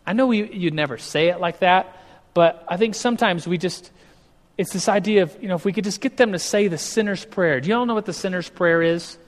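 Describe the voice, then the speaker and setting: A male pastor delivers a casual, conversational sermon in a high voice at a slightly fast clip. He often restarts his sentences and acts out what people say. The recording carries a long hall reverb.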